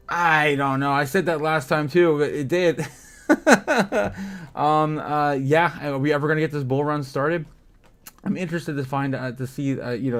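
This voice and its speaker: A man's voice: on the high side, a bit bright. A man hosting a casual crypto livestream, reading headlines and viewer chat with lots of filler sounds and frequent laughter.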